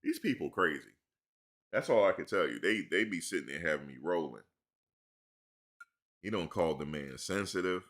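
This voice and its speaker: A man with a low-pitched voice and a bright, forceful edge hosts a casual live chat. He talks loose and animated, heavy with slang and "dude", like he's chatting with friends. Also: moderate pace, long pauses. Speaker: live stream host.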